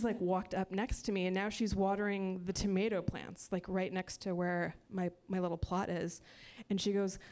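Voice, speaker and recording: A woman performing a stand-up set in a chatty, self-mocking way full of "like" and quick asides. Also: mid-range voice, a little mellow, slight background noise. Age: 30s. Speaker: stand-up comedian. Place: comedy club stage.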